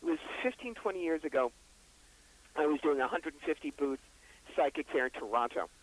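A man with a brisk, wry storytelling manner, the psychic author and reverend being interviewed on a radio show. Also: a little high, big pitch swings, low-quality recording. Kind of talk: interview guest.

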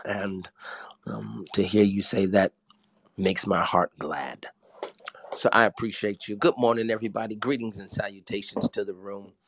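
Pastor, male, middle-aged, low and easygoing, lots of ums, dry close sound. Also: gravelly, no room sound. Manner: relaxed and slow, many ums. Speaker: pastor and co-host. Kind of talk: casual morning check-in.

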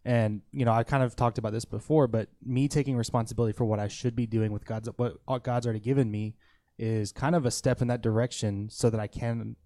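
A man's voice: mid-range voice, steady tone, fairly quick, mellow, no echo, clean studio sound. A man co-hosting a casual faith talk, thoughtful and hesitant, with many ums. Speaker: podcast co-host.

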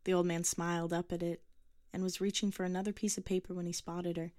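Low-voiced woman narrating a story. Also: level tone, fast talker, darkish tone, dry recording, studio quality.

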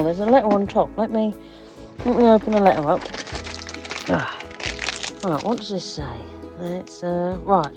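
Excitable joking man, faint music behind. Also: high-pitched, unhurried, pauses often. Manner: jokey, excitable, chatty. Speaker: podcast regular. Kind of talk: recorded video message.

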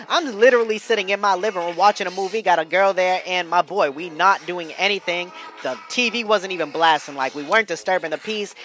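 A man hosting a podcast, telling a story in a casual, slangy, animated way with frequent laughs. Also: high-pitched, a little fast, soft background music. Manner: animated, slangy, laughing often, loud bursts. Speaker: podcast host.

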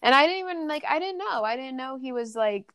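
A woman's voice: high voice, expressive, brisk, a bit bright, clean tone, dry recording, clean studio sound. A young adult woman guesting on a podcast, telling a personal story in a candid, profane way, full of "like" and "you know". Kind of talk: casual podcast chat.

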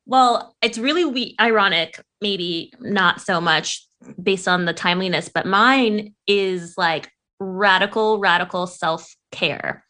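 A young woman chatting casually with a friend, animated and quick to laugh, swearing freely. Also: mid-range voice. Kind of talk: casual chat.

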